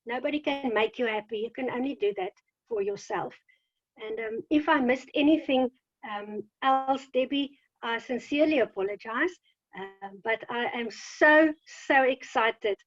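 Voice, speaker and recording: Woman host, high voice, hesitant intro, dry dull video call sound. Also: animated, normal speed, dry recording. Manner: hesitant, full of fillers.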